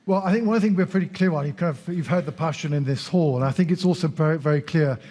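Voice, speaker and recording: A man explaining polling figures and turnout in a measured, explanatory way as an expert guest on a debate panel. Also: a little high, dark tone. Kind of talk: analytical commentary.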